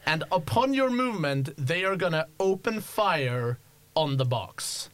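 A man narrating as game master in a tabletop game, relaxed, with many fillers. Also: a little high, measured pace.

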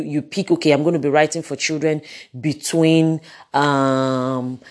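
A woman giving a lively lecture, often repeating words and using fillers. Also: low voice. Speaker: teacher. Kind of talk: lecture on public speaking.

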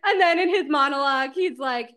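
A woman co-hosting a casual book podcast, animated, acting out characters' lines with frequent laughs and swearing. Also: high-pitched, brisk. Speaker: podcast co-host.

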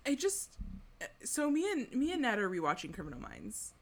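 A woman's voice: on the high side, wildly swooping pitch, moderate pace. A woman co-hosting a casual podcast chat, teasing her friend and laughing. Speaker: podcast co-host.

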